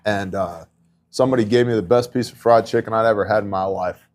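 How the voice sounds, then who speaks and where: A man's voice: fairly low pitch, steady tone, a little fast, a little mellow. A middle-aged man in casual faith talk, telling relief-work stories in an earnest, conversational way with many asides. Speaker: podcast host and disaster relief volunteer.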